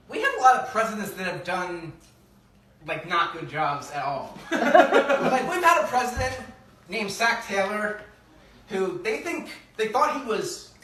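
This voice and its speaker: A man's voice: sits high, sharp tone, a little hiss or hum. A man doing a rambling stand-up bit, chuckling through his own lines. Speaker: stand-up comedian. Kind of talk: stand-up set. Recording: roomy and distant with crowd.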